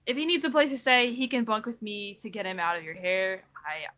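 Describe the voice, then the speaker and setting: A woman with a bright, forceful voice playing her character in a tabletop game. She argues her case earnestly and a bit ramblingly. The lo-fi mic gives the recording a dull sound. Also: mid-range voice, a little fast. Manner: earnest, pleading, slightly rambling. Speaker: player.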